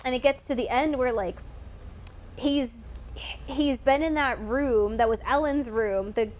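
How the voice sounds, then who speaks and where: A woman co-hosting a casual movie chat podcast, talking emotionally in halting bursts with many restarts and some swearing. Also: high-pitched, a little mellow. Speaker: podcast co-host.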